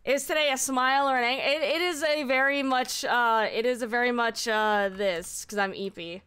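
A woman with a bright, clear, slightly high voice chats on a live stream. She is excitable and swears freely. Her voice is still recovering from strain. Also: normal speed, few pauses. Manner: excitable and heavily profane. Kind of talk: casual live-stream chat.

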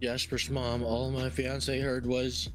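A man's voice: mid-range voice, monotone, slow pace, music in the background. A man from the Philippines chatting as a guest on a stream, laid-back and joking crudely. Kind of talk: casual chat on a call.

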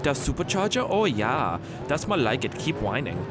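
A man's voice: mid-range voice, very animated, normal speed, over loud music, close to an everyday voice. A man putting on a hammy mock German accent as a joke while gaming.

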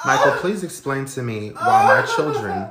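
A man voicing a loud, sassy single mother with a brash, teasing manner. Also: mid-range voice, very animated, normal speed, roomy sound, heavy background noise, lightly acted. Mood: angry.

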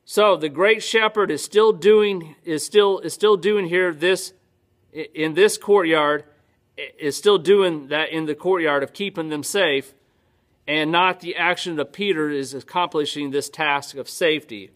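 Pastor man teaching, slightly high voice. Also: unhurried, fairly bright tone. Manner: conversational, asks and answers his own questions. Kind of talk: teaching sermon. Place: church.

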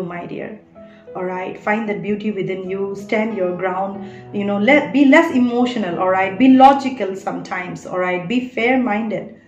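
A woman's voice: mid-range voice, muffled recording. Earnest woman tarot reader. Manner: earnest, coaxing, keeps adding "all right?". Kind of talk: spiritual tarot reading to camera. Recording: echoey room.

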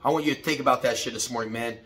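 A middle-aged man giving a blunt, profane morning motivational talk, preachy and repetitive, building to shouted pep-talk bursts. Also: mid-range voice, racing. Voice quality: profane, blunt, street-casual. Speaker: motivational vlogger.

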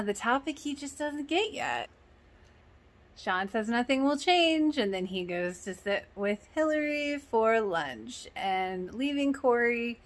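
Brief: higher-voiced woman hosting a reaction channel, chatty recap with frequent giggles. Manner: chatty, giggly, re-enacts characters' lines. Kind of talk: casual episode recap commentary.

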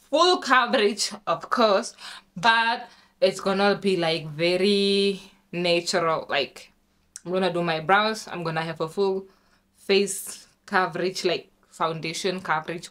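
A young woman from Namibia chatting casually in a vlog, excitable and talkative, with sudden high squeals. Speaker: vlogger.

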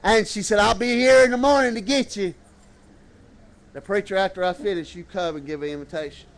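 A man preaches a narrative sermon in church, calling out to the congregation and swooping into slow, theatrical phrasing. His voice is high-pitched, and there is slight background noise.

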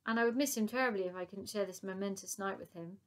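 A woman's voice: medium pitch, quick pace, natural voice. A woman reading aloud, voicing a pompous, ingratiating old male admiral.

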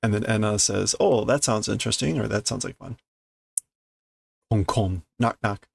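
A man reading a comic aloud and translating it as he goes, thinking aloud with halting restarts and fillers. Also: lowish voice, creaky, breathy edge, dry recording. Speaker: Japanese learner reading a comic on stream.

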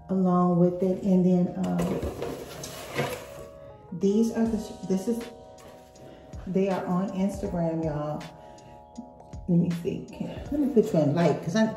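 A woman's voice: on the low side, mellow, roomy sound. A woman in her fifties vlogging casually, gushing and chatty as she talks straight to her viewers. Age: 50s. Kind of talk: casual vlog unboxing and travel chat.

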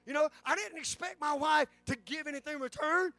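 A man's voice: extremely high pitch, fairly quick, pushed and bright, no echo. A man, preaching a sermon in a church with fervent delivery and frequent restarts. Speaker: pastor. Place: church sanctuary.

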